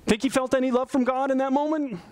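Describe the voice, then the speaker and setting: A man's voice: very high-pitched, fairly even intonation, quick pace, a little mellow, no room sound. A middle-aged male pastor giving an earnest, conversational sermon full of rhetorical questions.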